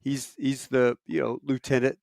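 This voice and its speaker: A man hosting an interview podcast, telling a war story in an animated, casual way. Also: mid-range voice, normal speed, creaky, no echo, studio quality. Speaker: podcast host and Marine.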